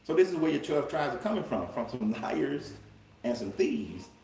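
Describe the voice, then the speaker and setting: A life coach hosting a live-streamed Bible commentary speaks in a medium-pitched, darkish voice with vocal fry, very animated and at normal speed. He's emphatic and colloquial, peppering his talk with rhetorical questions. The livestream mic picks him up from a distance in a roomy space with faint background noise.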